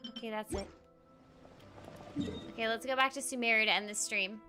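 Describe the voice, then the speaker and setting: A woman's voice: a little high, moderate pace, pushed and bright, soft background music. A woman hosting a casual game stream, talking in a bubbly, giggly, rambling way. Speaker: streamer and voice actor.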